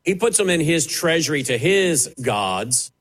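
A man's voice: fairly high pitch, sing-song, measured pace, fairly bright tone, poor audio. A man preaching, fiery and emphatic, mocking the voices he quotes. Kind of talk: preaching sermon.

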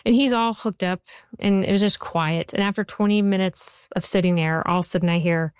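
A woman in her forties, a TV writer, answering interview questions with animated storytelling. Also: medium pitch, a little fast, clean tone, no room sound, clean studio sound. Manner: animated, acts out quotes while telling a story. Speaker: TV writer and showrunner.

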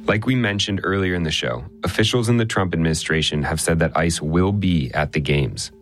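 A male radio reporter narrating a news story in a measured, conversational way. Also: deep voice, faint music behind.

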